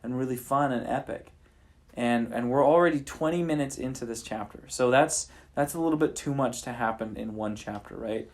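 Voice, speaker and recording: A man's voice: mid-range voice, moderate pace. A man improvising a bedtime story for his children at home at night, talking casually and thinking aloud into a handheld recorder. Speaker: father telling a bedtime story.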